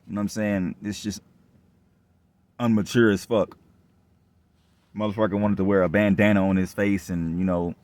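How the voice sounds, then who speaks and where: A young man speaks in a fairly low voice, venting in a loose, rambling monologue full of profanity. He circles back and repeats himself often. His tone stays aggrieved and distrustful throughout. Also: a little mellow. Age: young adult. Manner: rambling and repetitive, heavy profanity. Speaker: vlogger telling his own story. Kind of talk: casual rant monologue.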